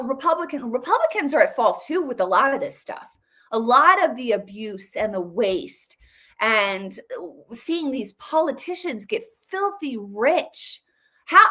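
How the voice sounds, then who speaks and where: A middle-aged American woman hosting casual political commentary, talking excitedly with frequent repeats and restarts. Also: on the high side.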